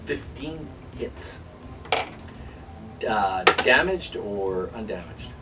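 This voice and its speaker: A man narrating as game master of a tabletop game, animated and hesitant. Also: fairly low pitch, drawn-out words. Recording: distant mic with music behind.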